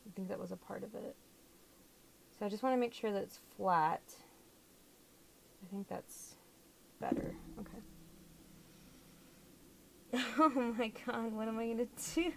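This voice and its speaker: A woman's voice: a little high, a little slow, vocal fry, long pauses, slight background noise. A young woman chatting through a fiddly crafting job at home, often exclaiming as she works. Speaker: doll hobby vlogger. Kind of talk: casual crafting vlog.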